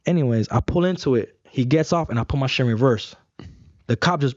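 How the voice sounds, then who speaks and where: Young man, fast talker, mellow voice, dull lo-fi sound. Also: a little high, dry recording. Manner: animated, acts out voices in stories, swears a lot. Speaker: guest. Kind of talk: casual storytelling.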